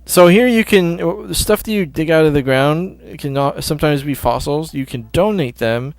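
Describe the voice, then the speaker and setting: A man's voice: fairly high pitch, animated, normal speed, creaky, dry recording. A man giving casual, offhand commentary on a video game demo, often correcting himself mid-sentence. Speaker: gameplay commentator. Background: faint game music.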